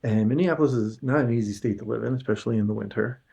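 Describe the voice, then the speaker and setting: A man's voice: medium pitch, fast, creaky, mellow, husky. A male screenwriter as an interview guest, telling a personal story in an earnest, emotional, casual way.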